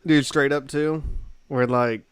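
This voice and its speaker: A man's voice: mid-range voice, steady tone, takes it slowly, smooth, no echo. A man co-hosting a podcast, chatting casually and rambling through his day. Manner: laid-back, rambling. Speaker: podcast co-host. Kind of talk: casual chat.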